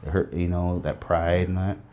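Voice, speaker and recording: A man's voice: deep voice, flat delivery, moderate pace, muffled recording. A middle-aged man speaking as an interview guest, telling his life story in an earnest, reflective way. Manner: earnest, reflective, tells stories with quoted voices.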